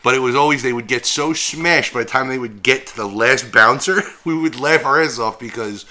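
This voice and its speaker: Podcast guy with a real bright voice, cussing while he tells bar stories. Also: mid-range voice, moderate pace. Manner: loose, profane storytelling. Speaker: podcast co-host, former bouncer. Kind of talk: crude casual chat.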